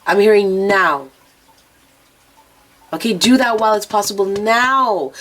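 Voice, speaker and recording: A woman's voice: mid-range voice, a little slow, long pauses, a bit bright. A woman giving an intuitive oracle and rune reading outdoors, talking frankly and with plenty of swearing straight to the viewer. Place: outdoors near planes and traffic.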